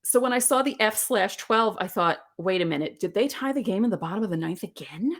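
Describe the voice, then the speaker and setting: A woman in her forties hosting a podcast alone, telling sports memories in an animated, candid way. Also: medium pitch, fairly quick. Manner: animated, candid storytelling with laughs. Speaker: podcast host. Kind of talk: casual solo podcast talk.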